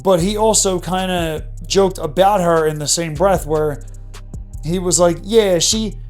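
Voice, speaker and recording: Man in his thirties, slightly high voice, earnest, candid vlog storytelling, soft music behind. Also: fairly even intonation, a little slow. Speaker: vlogger. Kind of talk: personal story monologue.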